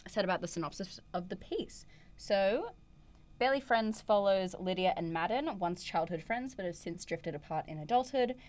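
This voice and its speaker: Young Australian woman co-host, slightly low voice, giggly and rambling. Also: darkish tone. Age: young adult. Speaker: radio co-host. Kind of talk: casual chat.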